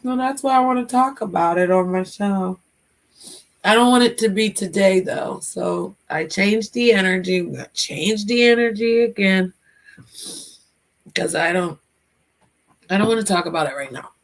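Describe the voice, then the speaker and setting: A woman's voice: medium pitch, normal speed, pauses often. Middle-aged woman chatting on her livestream, emotional, talks right to her chat. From United States. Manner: emotional, chatty, gives shout-outs to chat. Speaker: livestream host.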